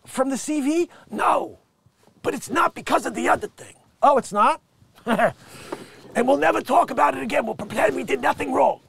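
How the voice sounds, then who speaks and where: A man hosting a comedy news show, riffing and rambling with jokey asides between loud bursts and mutters. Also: very high voice, expressive, moderate pace, vocal fry.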